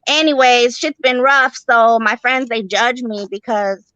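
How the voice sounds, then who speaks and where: A woman's voice: fairly high pitch, steady tone, measured pace, pushed and bright, dry recording, rough recording. A young woman doing a stand-up set, profane, rambling and brash. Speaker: stand-up comic.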